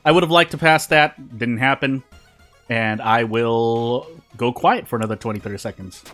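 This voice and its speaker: A man streams a game, chatting casually while he plays and eats, with faint game music in the background. He rambles, repeats phrases and restarts sentences midway. His voice is medium-pitched and a bit bright, at a normal speed.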